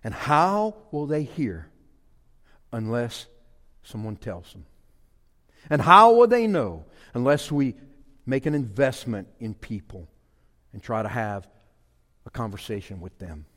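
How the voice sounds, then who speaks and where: A middle-aged man preaching a sermon, telling a folksy personal story with animated swings and loud bursts. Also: medium pitch, measured pace, pauses often. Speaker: pastor. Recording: long hall reverb.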